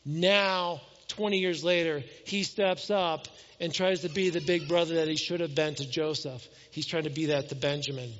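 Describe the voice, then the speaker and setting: High-voiced preacher in an echoing hall. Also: male voice, dull audio. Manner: animated storytelling, reading scripture aloud and voicing the characters. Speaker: pastor. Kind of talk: sermon.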